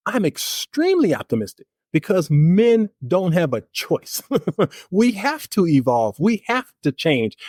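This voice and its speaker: A man's voice: high voice, dry recording, studio quality. A middle-aged man, a life coach and author, speaking emphatically and upbeat as a podcast guest. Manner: emphatic, upbeat, repeats key phrases. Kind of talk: podcast interview.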